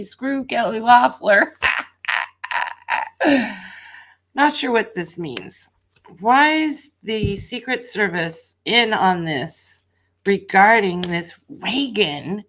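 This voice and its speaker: A woman streaming a live tarot reading, excitable and laughing a lot, dropping to whispers and then bursting into shouts. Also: medium pitch. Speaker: tarot reader.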